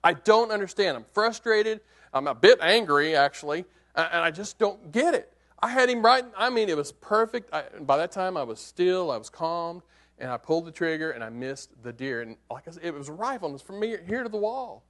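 A man preaching, telling a hunting story as a sermon illustration in an animated, conversational way that swings from hushed to excited. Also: sits high, a little fast.

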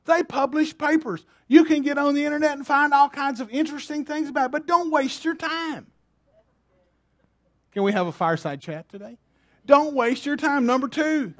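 A man preaching a sermon, emphatic and repetitive, firing rhetorical questions at his congregation. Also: extremely high pitch.

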